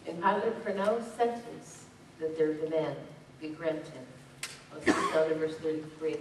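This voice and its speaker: A woman pastor with a deep, darkish voice preaches a sermon in a church sanctuary, reading scripture aloud and driving her points home with rising emphasis. The recording is echoey, captured from a distance, with a little hiss or hum.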